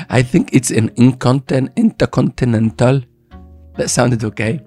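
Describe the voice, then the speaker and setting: A man's voice: mid-range voice, unhurried, a little mellow, slightly rough. Playful male host, faint music behind. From expat living in Dubai. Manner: playful, joking, fond of trying silly accents. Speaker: show host. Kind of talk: casual chat.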